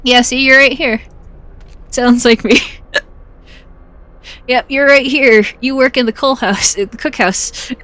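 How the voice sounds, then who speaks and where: A woman's voice: sits high, steady tone, unhurried, pauses often, pushed and bright. A woman streaming a game, chatting casually with viewers, giggling often and hiccupping. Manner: giggly, laughs often between lines. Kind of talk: casual live-stream chat while gaming.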